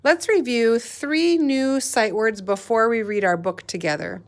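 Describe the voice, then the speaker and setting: A woman's voice: fairly high pitch, a little slow, soft background music. A woman teacher leading a guided reading lesson for young children, patiently sounding out letters and words.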